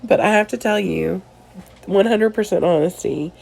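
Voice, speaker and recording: A woman's voice: mid-range voice, moderate pace, vocal fry. A tired woman narrates a crafting voiceover late at night. She sounds congested from a sinus infection and chats in a rambling way, with apologetic asides. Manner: chatty and rambling, apologetic asides, soft laughs. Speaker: scrapbooking video creator.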